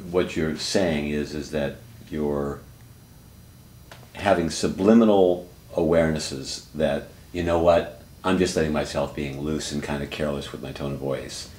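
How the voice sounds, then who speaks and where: Deep-voiced man, calm and reflective. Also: takes it slowly, pauses often, reverberant, slight background noise. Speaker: therapist and teacher. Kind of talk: counseling dialogue.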